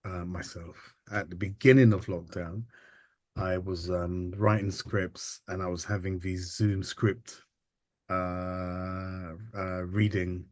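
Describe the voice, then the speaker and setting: Brief: male guest, very deep voice, dry close mic, thoughtful and halting. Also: level tone, dry recording. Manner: halting and reflective, many ums and restarts. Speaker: interview guest, photographer and artist. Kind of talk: casual interview storytelling.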